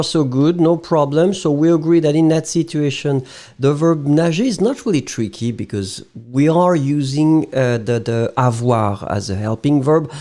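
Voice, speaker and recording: A man's voice: a little high, dark tone. A male French teacher, a native French speaker with a French accent, leading a playful, chatty live-streamed lesson and often checking in with his students.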